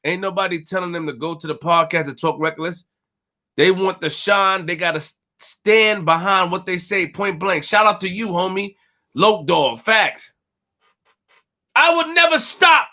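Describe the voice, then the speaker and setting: A man's voice: high-pitched, expressive, measured pace, pushed and bright. A man hosting a live stream, talking emphatically, repeating himself and addressing his chat directly. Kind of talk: animated live stream commentary.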